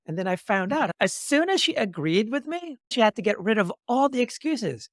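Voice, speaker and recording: Animated male podcast host, dry sound. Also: high voice, brisk, hardly any pauses, no echo. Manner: acts out both sides of remembered dialogues with lively shifts; motivational, speaks in metaphors. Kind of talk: animated storytelling in conversation.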